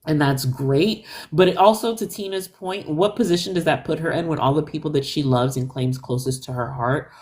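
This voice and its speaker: Woman on a live panel, gets worked up, emphatic, lowish voice, casual. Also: normal speed, hardly any pauses. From Haitian heritage. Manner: animated, emphatic, rants with big pitch jumps. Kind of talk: casual chat.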